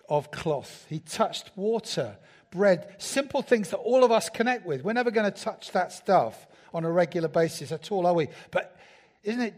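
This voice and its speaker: A man preaching a sermon in a church, talking conversationally and asking the congregation rhetorical questions. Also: high voice. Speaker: pastor.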